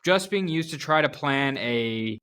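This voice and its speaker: A man in his late twenties talks through his views on a podcast in a reasoned, earnest way. His voice sits at an ordinary mid pitch. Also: expressive, measured pace, fairly bright tone, clean tone. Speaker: podcast co-host. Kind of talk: casual chat.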